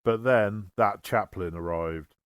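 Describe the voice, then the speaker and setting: A man reading a humorous story aloud with wry, deadpan comic timing. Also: lowish voice, takes it slowly, smooth, no room sound. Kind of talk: humorous scripted narration.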